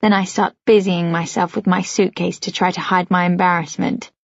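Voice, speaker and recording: Narrating a first-person novel as an audiobook, a woman speaks gently and evenly at normal speed in a lowish, husky, breathy voice. It comes across as a plain studio read, recorded close and dry with no room sound and a somewhat muffled, dull quality.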